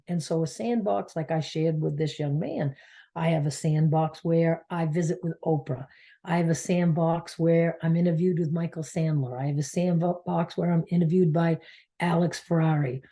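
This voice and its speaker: Speaking in a low, mellow register, a woman from Maine shares a heartfelt personal story in a meandering way, occasionally sinking almost to a whisper. She is a spiritual coach and channel host.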